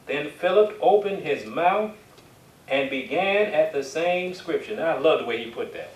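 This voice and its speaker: A man preaches a sermon, reading scripture aloud in King James wording and calling for amens from his congregation in call-and-response. His voice is a little high with lively intonation and a moderate pace. The recording has an echoey church hall, a distant mic and faint hiss.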